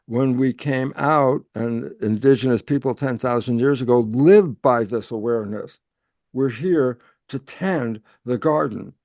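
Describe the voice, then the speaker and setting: A man speaking as an interview guest, explaining in an animated way and answering his own rhetorical questions. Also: mid-range voice, measured pace, dry recording, clean studio sound.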